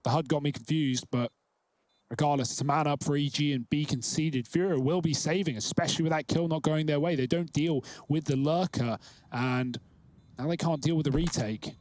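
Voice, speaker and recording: A man calling a live esports match with quick, analytical play-by-play. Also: a little high, a little mellow, no room sound. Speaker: esports caster. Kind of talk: live game commentary.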